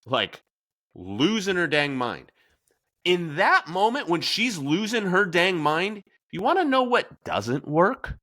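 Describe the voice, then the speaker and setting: A man's voice: sits high, big pitch swings, takes it slowly, pushed and bright. A man hosting a podcast in a casual discussion, telling stories with animation and acting out quoted lines. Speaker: podcast host.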